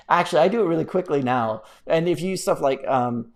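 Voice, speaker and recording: A man with a slightly high voice hosts a casual live stream. He chats loosely with his viewers and slips into joking, sarcastic asides. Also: animated, moderate pace.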